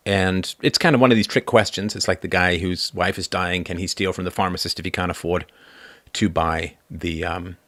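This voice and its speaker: A man hosting a livestream, talking through a moral argument in a casual, animated way. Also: low voice, moderate pace, dry recording. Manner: animated, argumentative, acts out quoted voices. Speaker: livestream host. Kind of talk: casual philosophical monologue.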